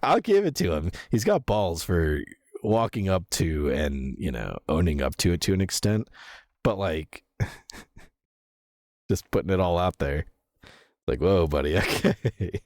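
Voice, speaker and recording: Deep-voiced man chatting with viewers. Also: very animated, measured pace, pauses often, a little mellow, no echo, studio quality. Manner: laughs often, swears casually; rambling, with fillers and self-corrections. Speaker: streamer. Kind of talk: casual chat reading viewer messages.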